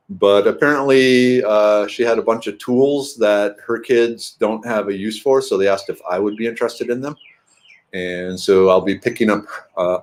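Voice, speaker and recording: A middle-aged man with a low voice talks casually at home for his vlog. He rambles from one thing to the next and throws in playful sing-song asides. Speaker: vlogger.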